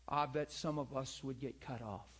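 A man teaching in a church in an animated, earnest way, often asking his listeners to agree with him. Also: moderate pace, slightly rough. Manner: animated, acts out people in high pleading voices; earnest, repeats himself, asks listeners for agreement. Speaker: pastor and teacher.

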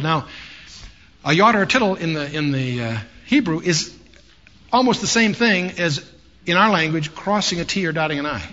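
A man's voice: fairly high pitch, animated, normal speed, bright, forceful tone. A man teaching a Bible study in a conversational way, with storytelling asides. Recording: dull lo-fi sound with faint hiss.

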